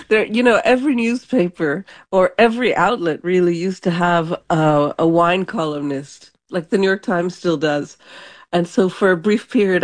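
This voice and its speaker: Laughing woman journalist guest. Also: mid-range voice. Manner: warm, laughs easily. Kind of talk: conversational interview answers.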